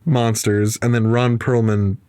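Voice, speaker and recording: A man's voice: medium pitch, flat delivery, measured pace, darkish tone, clear, resonant tone, dry recording. A man co-hosting a casual film podcast, laid-back, retelling movie scenes and quoting characters. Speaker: podcast co-host. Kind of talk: casual film-review chat.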